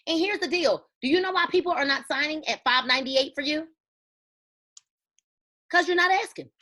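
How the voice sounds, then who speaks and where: Woman, high bright voice, preachy sales-team pep talk with lots of emphasis. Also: moderate pace. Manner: emphatic, preachy, storytelling with quoted dialogue. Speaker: network marketing team leader.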